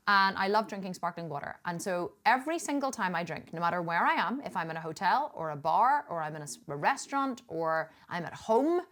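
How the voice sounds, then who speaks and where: A woman's voice: lowish voice, animated, a little fast, few pauses, a bit bright. A middle-aged woman from Northern Ireland with a Northern Irish accent, telling a story in a chatty, emphatic vlog style. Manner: chatty and emphatic, with frequent restarts and laughs. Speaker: fitness coach.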